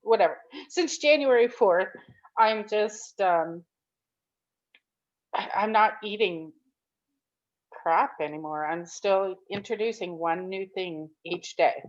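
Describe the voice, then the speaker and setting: A woman's voice: medium pitch, slow, long pauses. Upbeat woman sharing a rambling testimonial. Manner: rambling, upbeat, tearful at times. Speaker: program participant giving a testimonial. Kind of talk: emotional testimonial on a group call. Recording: dull lo-fi call audio.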